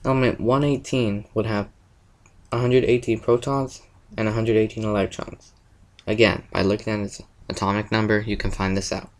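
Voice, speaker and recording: Low-voiced man methodically explaining science. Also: normal speed, poor audio. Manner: steady, methodical, step-by-step explaining. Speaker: presenter of a school science project. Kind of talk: reading a prepared explanation.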